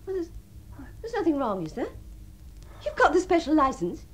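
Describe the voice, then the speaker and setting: Here the Princess, a lonely, deluded spinster of the upper class fantasizing about marriage, is voiced by a woman acting in a radio play. She sounds confused and insistent at a moderate pace, her high, very animated, refined tone moving from breathy tenderness to giddy excitement, with slight background noise.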